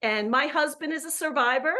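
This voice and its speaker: A woman's voice: high-pitched, fairly quick, bright, forceful tone. A woman in her fifties calling in to a live show as a coach, effusive and emphatic, often repeating words as she goes. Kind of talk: live call-in chat.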